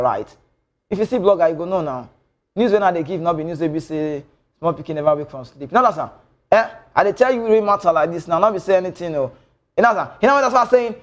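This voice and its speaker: A Nigerian man with a Nigerian accent hosting a football show, reading viewer comments in a bantering style that switches between Pidgin and English. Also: high voice.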